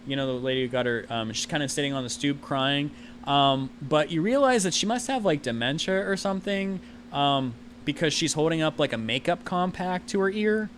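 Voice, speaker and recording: A man's voice: on the high side, lively intonation, brisk, a bit bright, slight background noise. A man narrating as game master of a tabletop game, rambling with many fillers.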